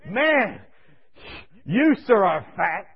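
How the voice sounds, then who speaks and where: A man voicing a belligerent injured male patient who yells insults at everyone around him. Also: sits high, big pitch swings, extremely slow, vocal fry, breathy edge, lo-fi sound, heavily acted. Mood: taunting. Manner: yelling, taunting.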